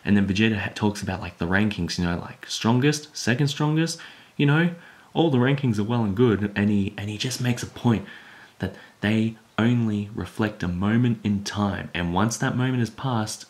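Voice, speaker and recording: A man with a low voice talks through a comic chapter in a loose, casual way. He rambles and leans on fillers, and he gets worked up as he retells the fight scenes. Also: normal speed. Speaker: manga recap YouTuber. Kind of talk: casual spoken recap.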